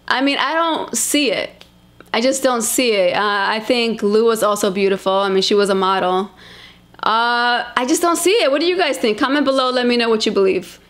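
A woman in her late thirties with a slightly high voice, commenting on clips in a blunt, chatty way. She talks straight to her viewers, casual and unfiltered. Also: fairly bright tone. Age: 30s. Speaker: reaction commentator.

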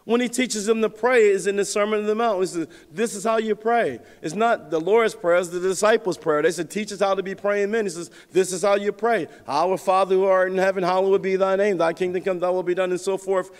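Man, pastor, sermon, high voice, storytelling, long reverb. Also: brisk, few pauses, clear, resonant tone. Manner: storytelling, lively swings in pitch and loudness.

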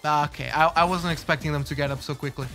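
A British man streaming a game live, chatting with viewers and reacting loudly to the action. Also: on the high side, fast talker. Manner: chatty, excitable, greets chat and reacts loudly. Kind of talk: live gameplay commentary. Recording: game music behind voice.

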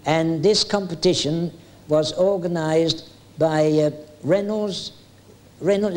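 An older Englishman, a retired music hall entertainer, reminisces about his stage days in a chatty, jokey way. His voice is somewhat high for a man and a little mellow, and he sometimes pauses on an "uh" before resuming his story.

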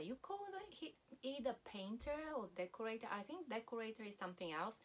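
A woman teaching a language lesson, repeating each word slowly and deliberately so learners can practise. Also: a little high, lively intonation.

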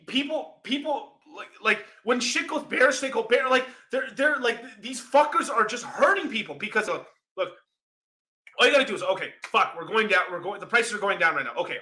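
Loud, bright-voiced ranting young man. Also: high voice. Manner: heated, swearing constantly, often shouting. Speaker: crypto channel host. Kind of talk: profane ranting monologue.

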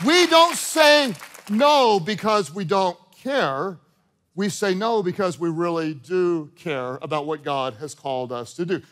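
Guy pastor preaching a sermon, really high voice, punchy and animated. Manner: animated preaching, acting out dialogue with repeated "no". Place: church auditorium with congregation.

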